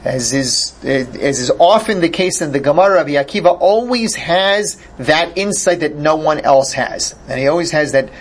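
Man with a slightly raised pitch, explanatory Torah teacher who translates his Hebrew phrases as he goes. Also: expressive, normal speed, few pauses. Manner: glosses each Hebrew phrase in English; thinks aloud, with repeated starts.

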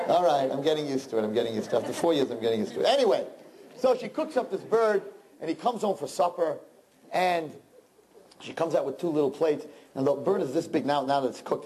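A man telling a long folk joke to a group, animated, with chatty asides. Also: on the high side, poor audio. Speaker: storyteller.

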